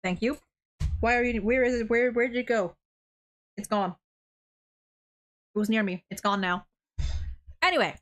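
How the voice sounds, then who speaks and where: A woman's voice: fairly high pitch, moderate pace, pauses often. A woman streamer chatting casually from her room, rambling with many restarts and stalls. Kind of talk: casual live-stream chat. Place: home room. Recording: game music playing behind.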